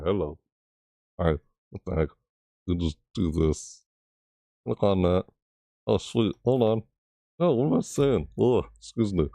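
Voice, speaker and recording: A low-pitched man talks casually to his webcam at home, rambling as he answers viewer messages. His pitch swings widely and he breaks into high yelps. The sound is dry, with no room echo. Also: dark tone. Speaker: gaming YouTuber reacting to trailers and chat. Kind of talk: casual chat to camera.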